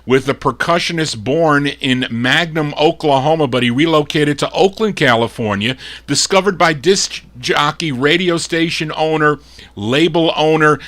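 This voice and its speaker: A man hosting a live oldies record show, gruff and fed up as he grumbles between detailed introductions of the records he spins. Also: a little high, a bit bright. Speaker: radio show host and record DJ.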